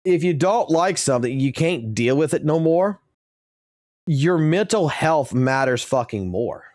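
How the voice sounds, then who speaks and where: A male live streamer in his thirties or forties, venting in a long, swear-laden rant. His voice sits a touch higher than most men's, and the sound is close and dry with no room echo. He talks with blunt, exasperated conviction. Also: animated, measured pace, darkish tone. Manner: profane, ranting, exasperated. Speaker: game streamer and host.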